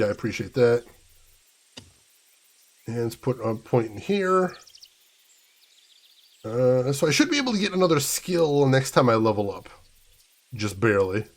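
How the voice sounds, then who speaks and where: A man's voice: medium pitch, a little mellow. A young American man streaming a game, chatting casually and mock-ranting playfully at his chat. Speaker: gaming streamer. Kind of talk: casual gameplay commentary.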